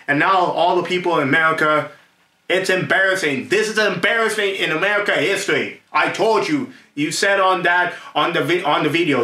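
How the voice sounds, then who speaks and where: A man hosting a rambling commentary to camera, excited and repetitive, laughing often and stumbling over names. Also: fairly high pitch. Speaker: host. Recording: echoey room.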